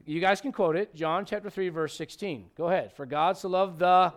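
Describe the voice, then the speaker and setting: A man's voice: high voice, moderate pace. A male pastor preaching a conversational sermon to his congregation, emphatic and full of questions to the room. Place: church sanctuary.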